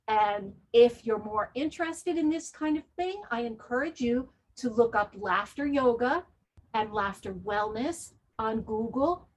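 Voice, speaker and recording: Breathy, higher-voiced woman presenter. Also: low-quality recording. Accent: American. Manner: leads listeners through breathing and laughing drills. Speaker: wellness presenter. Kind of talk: webinar presentation with guided laughter exercises.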